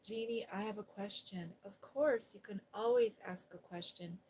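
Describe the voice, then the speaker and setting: A woman hosting a soft-spoken ASMR livestream, chatting gently with viewers and recapping a children's story in a sweet, cooing tone. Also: mid-range voice, normal speed, a little hiss or hum, rough recording. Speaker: ASMR host reading aloud.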